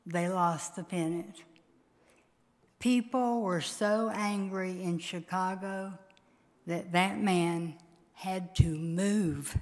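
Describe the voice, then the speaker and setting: A woman preaching a sermon, emotive and emphatic, with sudden loud peaks. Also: fairly low pitch, takes it slowly. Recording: long reverb of a large hall.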